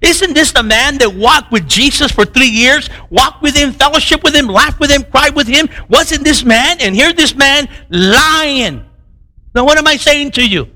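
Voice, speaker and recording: Animated, high-voiced male preacher. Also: rough recording. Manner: animated, conversational preaching with rhetorical questions; repeats words and restarts phrases. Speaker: pastor. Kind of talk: sermon.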